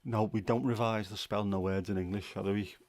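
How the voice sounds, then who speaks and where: Chatty man, low dry voice. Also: steady tone, a little fast, a little mellow, no echo. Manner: chatty, opinionated, rambling with fillers. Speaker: livestream host. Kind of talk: casual livestream chat.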